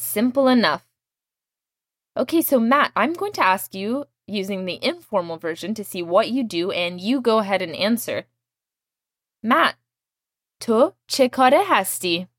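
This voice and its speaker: Woman language teacher, patient drill-style delivery, very lively pitch, dry close sound. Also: normal speed, long pauses, dry recording. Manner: patient, explains and drills phrases. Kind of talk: language lesson.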